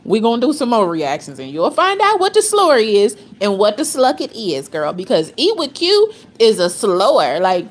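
A woman's voice: fairly high pitch, wildly swooping pitch, moderate pace, hardly any pauses. A woman giving casual reaction commentary, blunt and profane, laughing often as she gossips. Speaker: reaction vlogger.

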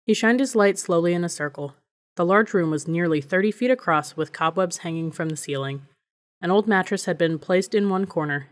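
A woman reading a novel aloud as an audiobook narrator, in a steady, even storytelling manner. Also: fairly low pitch. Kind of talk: scripted narration.

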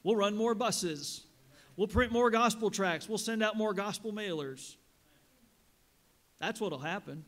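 A man preaching a sermon as a pastor in a church, reading scripture slowly and rising with emphasis. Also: high-pitched, a bit bright. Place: church sanctuary.

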